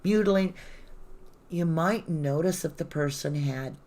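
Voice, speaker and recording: Low-voiced woman, sarcastic true-crime host. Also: measured pace, darkish tone. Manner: sarcastic, indignant asides. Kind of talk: live reading of court papers with commentary. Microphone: phone.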